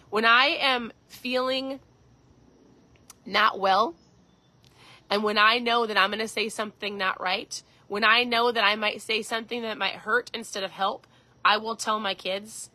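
Woman host, middle-aged, bright and direct, casual motivational talk. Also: on the high side, fairly even intonation, a little slow, dry recording, low-quality recording. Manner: earnest, conversational, addresses listeners directly. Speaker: podcast host.

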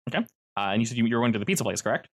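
A man's voice: mid-range voice, animated, racing. A man running a tabletop game as game master, describing scenes in a loose, descriptive way with restarts.

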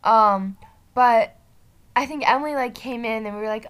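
A woman's voice: sits high, moderate pace. A teenage girl on a video call, telling a story in casual chat with lots of fillers and giggles. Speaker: vlogger.

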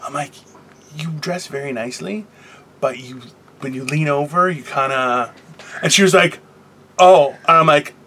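A man with a bright, somewhat high voice hosts a loose, joking chat recorded in a car. He rambles through stories with plenty of swearing and offhand asides. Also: normal speed, pauses often, a little hiss or hum. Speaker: podcast host. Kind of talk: casual chat.

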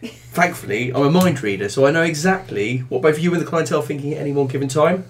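A man's voice: fairly high pitch, fast, close to an everyday voice. A man voicing a rambling, scatterbrained pimp who claims to read minds, in improvised comic role-play. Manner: rambling, apologetic, laughing. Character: self-styled mind-reading male pimp, scatterbrained.

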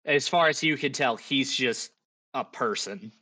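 A man running a tabletop game as game master, narrating the scene haltingly and pausing often to think. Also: medium pitch, pushed and bright. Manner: halting, thinking aloud with frequent pauses.

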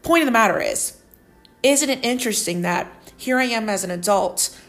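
A woman's voice: on the high side, lively intonation, normal speed, fairly bright tone, faint music behind. A woman hosting a solo podcast, talking earnestly in a rambling way with many fillers, emotional and tearing up while she laughs. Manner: emotional, tearful and laughing at once. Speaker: podcast host.

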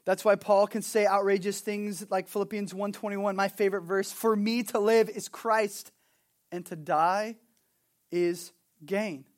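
A man preaching a sermon as pastor, swinging from animated storytelling to hushed, earnest points. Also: extremely high pitch. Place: Hawaii.

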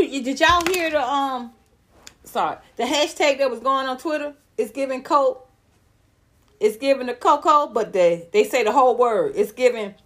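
A woman, hosting a casual live-stream gossip chat, loud, blunt and profane, laughing often. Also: a little high, breathy edge. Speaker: celebrity gossip vlogger.

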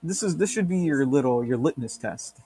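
A man's voice: mid-range voice, lively intonation, normal speed, mellow, husky, dry recording. A man co-hosting a podcast, rambling and joking in casual banter, swearing freely. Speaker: podcast co-host.

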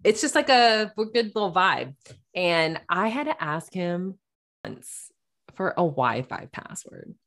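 Low-voiced woman chatting candidly. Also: very animated, takes it slowly, a bit bright. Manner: candid, laughs often, swears casually. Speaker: podcast co-host. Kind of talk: casual chat.

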